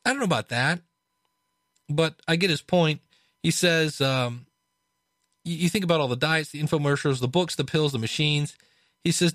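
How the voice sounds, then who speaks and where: A man casually talking through a book he is reading, chatty, with restarts and animated asides. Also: fairly high pitch, normal speed, long pauses, dry recording, clean studio sound. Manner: conversational, frequent restarts and fillers. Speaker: podcast host reviewing a book.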